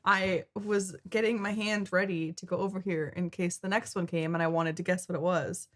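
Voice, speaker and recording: A woman's voice: on the low side, steady tone, normal speed. An American woman co-hosting a reaction video in casual chat, playful and rambling as she tells stories. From United States.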